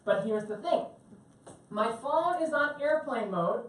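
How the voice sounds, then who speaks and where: Woman running a phone class on a ship, jokey, quizzes the crowd, high-ish voice, sounds far off in a big echoey room. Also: lively intonation, slow. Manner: chatty and joking, asks the room questions. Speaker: tech class instructor. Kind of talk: lecture to a live audience. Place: lecture room on a cruise ship. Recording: very echoey room, mic at a distance.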